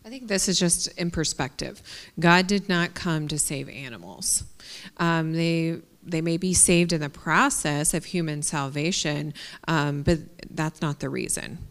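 A woman's voice: sits low, unhurried. A woman speaking at a campus ministry workshop, reading scripture and talking in a hesitant way with many fillers.

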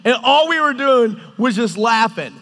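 A man preaching a sermon, animated and storytelling, often acting out quoted lines. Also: extremely high pitch, moderate pace. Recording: hall reverb.

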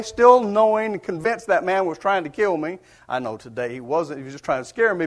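A man's voice: high-pitched, fairly quick, hardly any pauses. A man preaching, telling a personal story in a folksy, earnest way with chuckles. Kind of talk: storytelling sermon.

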